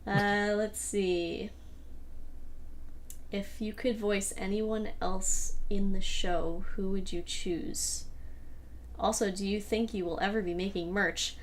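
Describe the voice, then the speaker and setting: A woman hosting a casual livestream Q&A, talking loosely with fillers and quick laughs. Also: mid-range voice, steady tone, a little hiss or hum. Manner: chatty, rambling with fillers and laughs. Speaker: host and creator of the audio drama.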